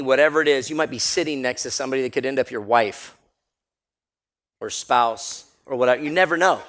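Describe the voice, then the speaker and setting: An energetic man addresses a seminar crowd, telling stories and laughing often. His pitch sits in the middle of the male range. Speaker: motivational speaker. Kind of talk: live seminar talk. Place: seminar room with audience.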